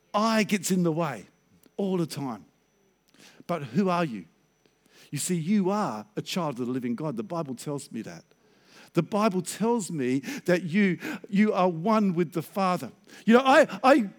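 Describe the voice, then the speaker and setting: Animated, high-voiced preacher. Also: male voice. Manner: animated preaching with stammered acted-out inner voices. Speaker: pastor. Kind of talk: sermon.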